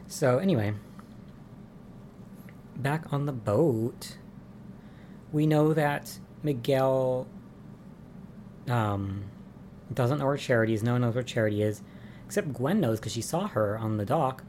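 Mellow-voiced man recapping soap episodes. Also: mid-range voice, a little slow, pauses often, slight background noise. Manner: chatty and loose, full of "um" and "like", amused asides. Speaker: soap opera recap host.

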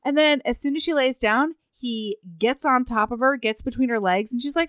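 A woman co-hosting a casual chat, sarcastically retelling a story and acting out its characters in quick asides. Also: high-pitched, a bit bright, clean tone, dry recording, studio quality. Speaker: podcast co-host recapping a novel.

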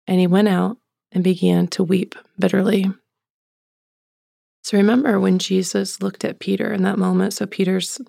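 Woman with heavy vocal fry. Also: medium pitch, no room sound, clean studio sound. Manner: slow, soft and deliberate, with casual fillers. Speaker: podcast host. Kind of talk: devotional podcast reflection.

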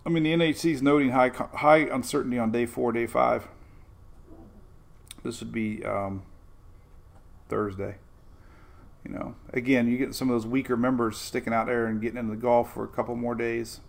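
Older man with a gravelly voice. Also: mid-range voice, fairly even intonation, normal speed, pauses often. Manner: chatty, rambling with homey asides. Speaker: weather show host. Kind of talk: casual weather livestream.

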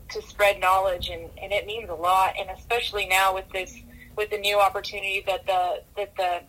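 A woman guest on a podcast, talkative and energetic, often restarting her sentences, who grew up in California. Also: fairly low pitch, rough recording. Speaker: podcast guest, rodeo commissioner. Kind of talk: casual interview talk.

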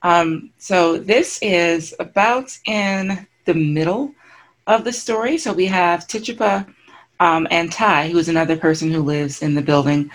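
A woman hosts a podcast in a relaxed, casual way. Her voice is very low for a woman, and her manner is warmly enthusiastic and chatty as she introduces readings. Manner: enthusiastic, chatty, quick to laugh. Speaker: podcast host.

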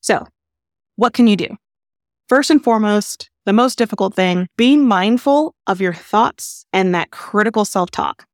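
A woman therapist hosting a podcast, calmly explaining advice in an earnest way. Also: mid-range voice, unhurried, no room sound, clean studio sound. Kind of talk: advice talk.

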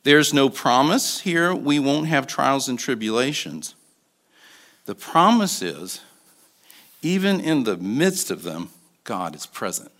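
Guest preacher, man in his sixties, storytelling sermon, animated and varied delivery. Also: medium pitch, slow. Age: 60s. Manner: storytelling, shifting between soft asides and emphatic bursts. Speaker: guest speaker.

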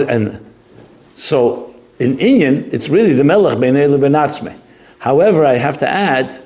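A man's voice: mid-range voice, a little mellow. A man teaching a text study lesson, thinking aloud with restarts and mixing in Hebrew terms. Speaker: Torah teacher. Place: study hall classroom.

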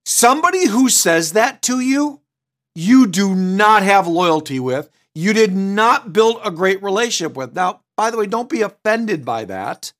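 A man's voice: high voice, sing-song, measured pace, a bit bright. A middle-aged man teaching a sales training session, direct and emphatic, with punchy asides. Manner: switches tone to act out customers. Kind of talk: recorded training seminar.

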